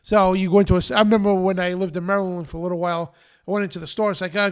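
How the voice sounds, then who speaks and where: A high-pitched man chats loosely as a live radio host. He talks in rambling bursts with plenty of fillers and asides. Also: steady tone, fast talker, a little mellow, smooth. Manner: chatty, laughing, full of fillers. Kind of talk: casual live radio chat.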